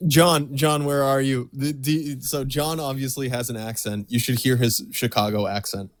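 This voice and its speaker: A man with an ordinary mid-pitched voice chatters on a stream, restarting his sentences in a rambling, excitable way. The sound is dry and up close. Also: normal speed, no echo. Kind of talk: casual chat on a stream.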